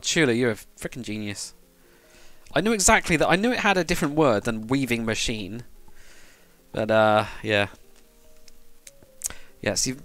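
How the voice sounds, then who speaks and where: A British livestreamer from the UK chats casually with viewers while building in a game, rambling and swearing now and then. His mid-range voice is a bit bright, with no echo.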